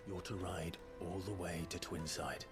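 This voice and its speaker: An actor playing a steady mercenary leader in a video game, giving calm, clipped orders over game music. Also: male voice, deep voice, measured pace. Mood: commanding.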